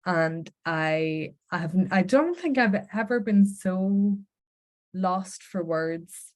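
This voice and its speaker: A woman's voice: lowish voice, expressive, takes it slowly. A woman with a Northern Irish accent, giving an earnest, heartfelt personal faith testimony. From Northern Ireland. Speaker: Christian speaker sharing her testimony.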